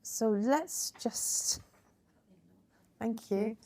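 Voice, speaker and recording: A woman's voice: on the high side, drawn-out words, warm tone. A woman hosting a hands-on crafting workshop, chatty and encouraging, praising her guests often as she explains each step. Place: indoor crafting table.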